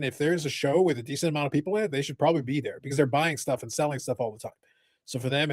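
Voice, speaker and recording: A man co-hosting a podcast, talking fast and teasing the others with dry sarcasm. His voice is a bit high, and the sound is dry and close. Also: darkish tone, breathy edge, dry recording. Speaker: podcast co-host. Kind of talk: casual chat.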